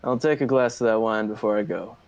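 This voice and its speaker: A man's voice: fairly low pitch, brisk, poor audio. A man playing a tabletop role-playing game, talking casually with many fillers and a playful, hesitant manner. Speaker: player.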